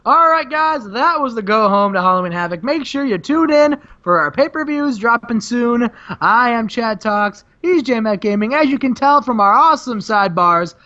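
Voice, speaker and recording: A man's voice: sharp tone, muffled recording. A man co-hosting a gaming show, telling a wrestling story and acting out the quotes in character. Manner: acts out characters with big pitch jumps. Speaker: co-host booking a wrestling sim. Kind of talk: animated storytelling with acted quotes.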